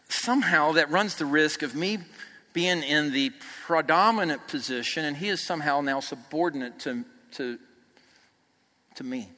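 A man delivers a sermon in a church sanctuary, his voice bright and somewhat high for a man. He presses emphatically to near shouts, then drops to soft, quiet lines. A long hall reverb trails every phrase. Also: normal speed. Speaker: pastor.

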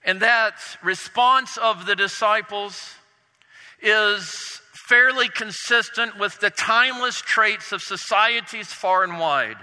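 A man preaching a sermon with drama, dropping his voice low and soft to stress points. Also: slow pace, clean tone, big-room sound, low-quality recording. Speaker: pastor.

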